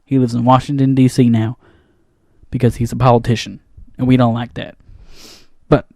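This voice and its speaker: A man's voice: medium pitch, flat delivery, normal speed, pauses often, darkish tone, dry recording. A man hosting a comedy podcast, ranting in a flustered, rambling monologue full of restarts, recorded in a studio booth on a studio microphone. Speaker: comedy podcast host playing a janitor.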